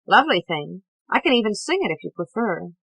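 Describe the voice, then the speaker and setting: A woman's voice: medium pitch, a little fast, vocal fry, breathy edge, no room sound, heavily acted, low-quality recording. A woman reading a playful young man who banters wryly and idly. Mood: teasing. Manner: wry, idle banter; nasal monotone when singing. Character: playful, teasing young man with a mocking wit.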